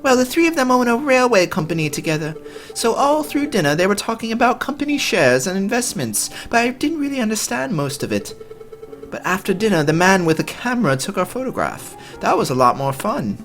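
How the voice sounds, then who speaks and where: A man voicing a cheerful, naive young noblewoman in a game, in a high, bubbly, singsong voice. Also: big pitch swings, brisk, a bit bright, soft background music, full character voice. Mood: chirpy.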